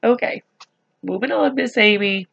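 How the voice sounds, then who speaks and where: A woman reading a storybook aloud to children, speaking slowly and gently and adding chatty asides to them. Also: mid-range voice, gravelly, dull audio.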